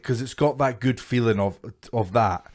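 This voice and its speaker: A man's voice: mid-range voice, darkish tone. Easygoing man chatting. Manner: easygoing, laughs often, quick agreeing asides. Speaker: podcast co-host, comedian. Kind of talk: casual chat.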